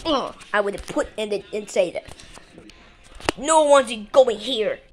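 Slow, high-pitched woman playing with toys. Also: background noise. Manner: broken English, slow and animated, scolding and squealing. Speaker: toy play narrator. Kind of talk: playful toy play with minion figures.

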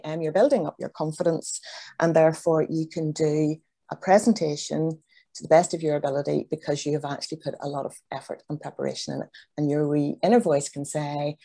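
Warm-voiced woman coaching. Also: low-pitched. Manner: earnest, encouraging, repeats points for emphasis. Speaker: business coach, guest speaker. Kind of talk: online presentation talk. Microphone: video call.

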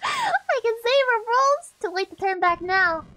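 A woman's voice: extremely high pitch, big pitch swings, unhurried, very noisy. A woman streamer giving casual, brash game commentary, swearing often and laughing a lot.

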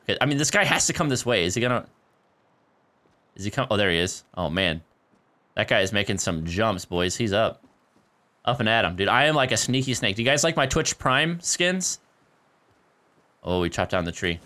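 A man's voice: fairly low pitch, expressive, normal speed, pauses often, sharp tone. A man streaming a shooter game live, chatting casually with viewers, laughing often and calling them dude and guys, into a desk microphone at home. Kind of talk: casual live gameplay commentary. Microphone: desk microphone near a keyboard.

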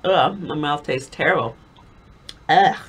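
A woman's voice: low-pitched, unhurried, background noise. A woman co-hosting a casual taste challenge video, groaning and laughing at the flavors. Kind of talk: casual on-camera chat.

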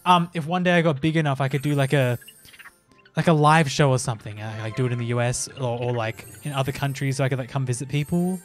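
A man's voice: mid-range voice, fast, soft background music. A young man, out of breath from dancing, chatting casually and profanely as he streams a dance game. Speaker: gaming streamer. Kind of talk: casual let's-play commentary.

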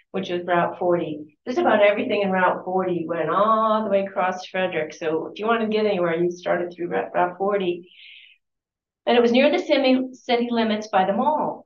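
A woman giving a book talk at a library, reading aloud from a memoir with chatty asides and correcting herself as she goes. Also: medium pitch. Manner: conversational, corrects herself mid-sentence. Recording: distant, roomy and dull-sounding.

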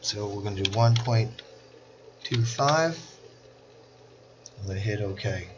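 A man teaching a software class, walking through each click step by step in a screen-recorded tutorial. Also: on the low side, takes it slowly, dull audio, noisy background. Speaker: instructor.

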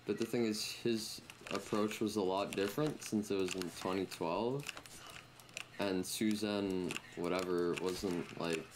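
A young man jokes and teases his way through a horror game with a friend, his voice sitting a little low. His commentary comes through a noisy gameplay capture. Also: steady tone, a little slow. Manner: joking, teasing banter. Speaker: gaming YouTuber. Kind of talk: casual let's-play commentary.

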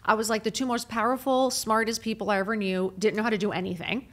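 A woman's voice: a little high, steady tone, quick pace. A middle-aged woman, a podcast guest, telling her personal story candidly and with animation, full of filler phrases.

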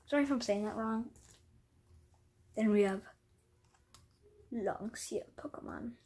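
Woman vlogger, breathy and a bit high-pitched, self-deprecating, casual show-and-tell at home with the odd whisper. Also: slow, mellow. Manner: rambling, apologetic, self-deprecating; drops into whispers at times.

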